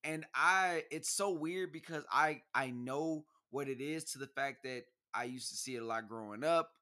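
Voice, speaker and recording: Young guy cohosting, slangy and lively, bright punchy voice. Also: mid-range voice, moderate pace. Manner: animated storyteller, slangy, acts out quotes. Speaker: podcast co-host. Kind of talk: casual chat.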